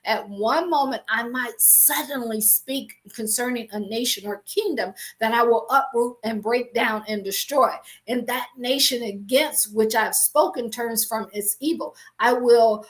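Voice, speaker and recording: A middle-aged woman teaching business from the Bible, emphatic and animated, often restarting her sentences. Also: a little high, a little slow, few pauses. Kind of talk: faith-based business teaching.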